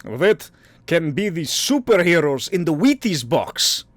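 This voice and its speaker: A man's voice: fairly high pitch, sing-song, a little slow, dry recording. A man putting on a Russian accent, voicing a boisterous would-be hero. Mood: boastful. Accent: put-on Russian.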